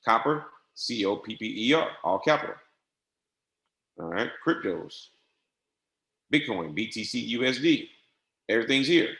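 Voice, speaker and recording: A man teaching a software setup on a screen-share webinar, dictating settings step by step in a patient, repetitive way. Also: medium pitch, lively intonation, a little slow, pauses often. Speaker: trading software instructor. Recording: echoey room.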